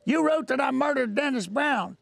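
Man putting on a hot-headed old prospector, blustering and gravelly, higher than his own voice. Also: lively intonation, moderate pace, fairly bright tone, dry recording, full character voice. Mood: angry. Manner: blustering, threatening. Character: gruff short older man, hot-tempered prospector.

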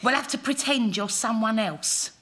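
A woman's voice: on the high side, moderate pace, a bit bright, close to an everyday voice. An actress playing a daft, dreamy woman, giddy and scatterbrained.

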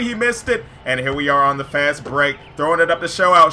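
A man's voice: expressive, brisk, slight background noise. Hyped man calling his basketball game. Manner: hyped, swings between loud shouts and low asides. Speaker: gaming YouTuber commentating his own play. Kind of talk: excited gameplay commentary.

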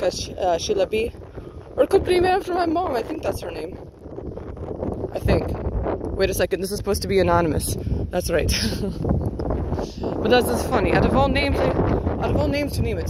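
A woman's voice: medium pitch, very noisy. Rambling woman vlogging on a walk. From United States. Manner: rambling, chatty, laughs often, talks to herself. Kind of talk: casual walking vlog. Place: outdoors on a residential street, walking.

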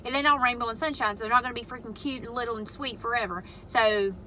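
This vlogger mom talks fast in a high, pushed, bright voice, venting bluntly and with profanity about a family fight from inside her parked car. The casual to-camera clip is low quality with slight background noise.

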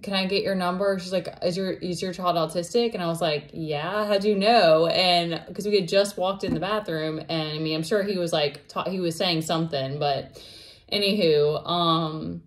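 Lady in her 30s rambling thru a story, lots of likes and restarts, slightly low voice. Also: normal speed. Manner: rambling, many fillers and restarts. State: emotional, near tears at times. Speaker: vlogger. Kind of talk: casual storytelling vlog.

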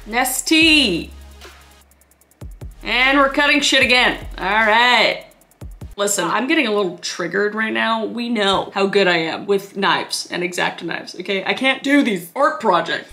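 A woman's voice: medium pitch, expressive, measured pace, pushed and bright, soft background music. A woman from Canada giving sarcastic comedic reactions, swearing freely and laughing often. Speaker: comedy YouTuber.

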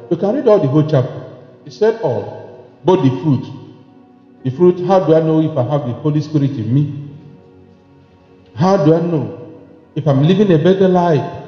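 A man preaching a sermon with emphasis, repeating phrases and moving between soft speech and shouting. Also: mid-range voice. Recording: echoey lo-fi hall recording with faint music.

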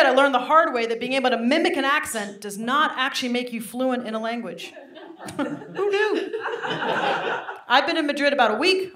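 A young woman from England, doing a chatty, self-mocking stand-up set and laughing along with the audience. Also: on the high side. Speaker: stand-up comedian. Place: comedy club stage. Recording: roomy live club recording with audience noise.

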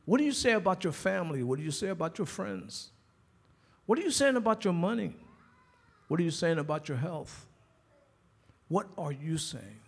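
Husky New pastor preaching. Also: male voice, fairly high pitch, very animated, normal speed, long pauses. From New York. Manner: repetitive rhetorical questions, conversational preaching. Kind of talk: sermon.

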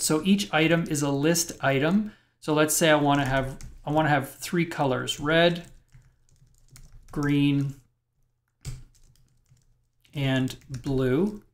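A man teaching web programming in a screencast lecture, thinking aloud and explaining step by step as he types. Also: a little high.

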